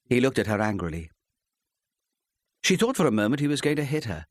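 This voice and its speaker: Here a male audiobook narrator gives a measured, expressive scripted reading. His voice sits fairly low, and the studio recording is clean with no room sound.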